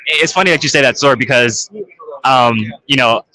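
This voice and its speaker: A man's voice: mid-range voice, fairly quick, sharp tone. A man hosting a live interview and asking a racer about his first runs. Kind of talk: live trade show interview.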